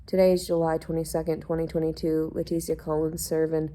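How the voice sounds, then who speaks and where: A woman's voice: deep voice, completely flat delivery, brisk, dark tone. A woman venting in an angry, profanity-laced personal monologue from a hotel room, congested and unwell. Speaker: vlogger.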